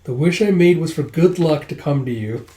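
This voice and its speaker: An earnest young princess, as a man puts her on while reading a comic aloud, speaking in a raised, soft, girlish voice. The tone stays mellow, and the sound carries an echoey room behind it. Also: fairly high pitch, expressive, normal speed, close to an everyday voice. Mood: tender.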